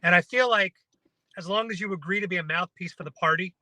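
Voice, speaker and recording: A man's voice: high-pitched, fast, bright, forceful tone, no room sound, low-quality recording. A man hosting a live talk show, chatting in a conversational, opinionated way. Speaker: host.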